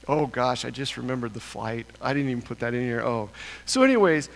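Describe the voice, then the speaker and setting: A man giving an animated church talk, telling a self-mocking story and climbing higher in pitch when excited. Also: vocal fry, long reverb tail. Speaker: church speaker.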